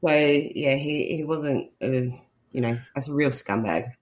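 A man from Australia, co-hosting a podcast in a hesitant, halting way. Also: a little high. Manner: hesitant, full of restarts and fillers. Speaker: podcast co-host. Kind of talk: casual chat.

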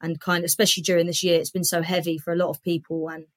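A woman comedian chats as a podcast guest, upbeat and stringing her thoughts together in long runs. Her voice sits fairly low for a woman. The sound is close and dry. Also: level tone, no room sound. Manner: upbeat, quick, talks in long run-on strings. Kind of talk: casual interview chat.

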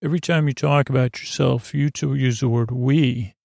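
A man voicing an earnest male engineer in a sleep story, explaining things with patient exasperation in his own gravelly voice. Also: mid-range voice, fairly even intonation, moderate pace, darkish tone, no room sound, clean studio sound, close to an everyday voice. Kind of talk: loose paraphrased quotes in a sleep story.

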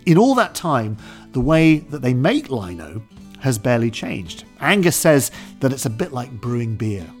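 A man hosts a history podcast and tells his story conversationally. His pitch sits in the middle, but his intonation swings widely and animatedly. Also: very animated, moderate pace, faint music behind. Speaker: podcast host.

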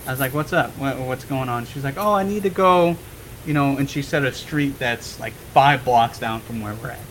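A young man on a podcast telling a story in a casual, animated way, swearing freely and laughing as he goes. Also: mid-range voice, normal speed, slight background noise, rough recording. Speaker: podcast guest.

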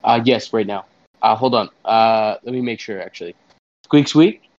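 A man's voice: lowish voice, steady tone, moderate pace, dry recording, lo-fi sound. A man playing a nervous interpreter in a comedy sketch, hesitant and stammering, with many fillers.

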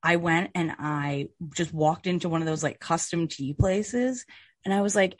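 A woman co-hosting a podcast, telling a rambling, animated story in casual chat and laughing often. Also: medium pitch, measured pace, husky, dry recording, studio quality. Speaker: podcast co-host.

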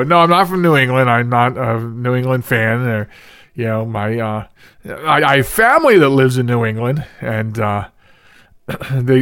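A man from the Philadelphia area hosts his podcast solo, drifting from one thought to the next and chuckling at his own slips. His voice sits at a middle pitch and comes through a dry, close microphone with no room sound around it. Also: a bit bright, clean tone, dry recording. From Philadelphia region. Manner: rambling, self-correcting, laughs at himself. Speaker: podcast host. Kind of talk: casual solo podcast chat.

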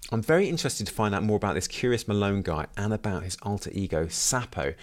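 A man with a lowish voice hosts a book podcast and talks through his thoughts on a novel. He muses reflectively and often poses questions to himself. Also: fast. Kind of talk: book review monologue with read-aloud passages.

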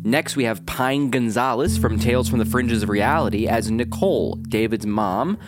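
A man's voice: medium pitch, moderate pace. Casual male podcast host over guitar music. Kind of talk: casual credits outro. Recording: loud music under the voice.

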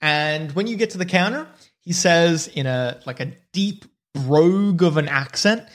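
A man running a tabletop game as game master, narrating in a relaxed, descriptive way. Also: on the high side, measured pace.

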